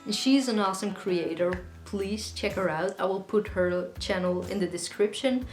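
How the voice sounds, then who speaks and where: A woman's voice: medium pitch, moderate pace. A young woman, a singer-songwriter, answering viewer questions in a casual, rambling way with lots of fillers. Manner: chatty, rambling, with frequent fillers. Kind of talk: casual Q&A vlog. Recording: echoey room with faint music.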